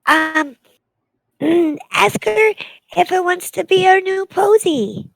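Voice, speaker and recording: A woman playing a tabletop game in character, soft, hesitant and playful. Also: extremely high pitch, takes it slowly, creaky, no room sound, poor audio. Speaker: player. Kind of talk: in-character tabletop role-play.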